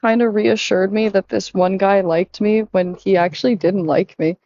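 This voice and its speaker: A young woman chats openly, with plenty of filler words, now and then jumping higher to act out what someone said. Her voice is mellow and warm. The recording is dry and slightly dull. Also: steady tone, moderate pace, dry recording. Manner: chatty, lots of "like", acts out quotes in a higher voice. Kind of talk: casual confessional chat.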